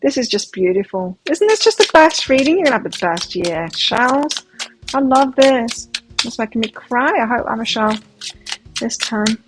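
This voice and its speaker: A woman's voice: fairly high pitch, measured pace, noisy background. A woman giving a pick-a-card tarot reading in a gushing, emotive, chatty way. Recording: faint music behind. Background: soft background music.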